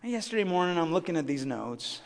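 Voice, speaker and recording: A middle-aged man preaching a sermon as a chatty, animated story with many asides to the congregation. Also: on the high side, fast talker. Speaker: pastor. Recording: long hall reverb.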